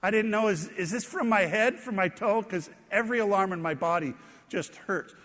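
Preaching in a church sanctuary at a normal speed, a pastor with a notably high, somewhat bright voice first tells self-deprecating stories about his own mishaps, then turns to praise. A long reverb makes his words ring out.

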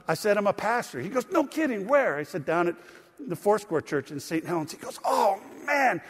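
A male pastor with a fairly high voice delivers a sermon, moving from a chatty story to emphatic preaching. The sound rings with long reverb in a church hall. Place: church sanctuary.

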